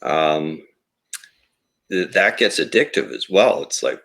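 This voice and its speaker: A man's voice: rumbling low, sing-song, unhurried, a bit bright. A man, co-founder of a toy company, talking in a casual podcast conversation in a rambling, reflective way with many fillers.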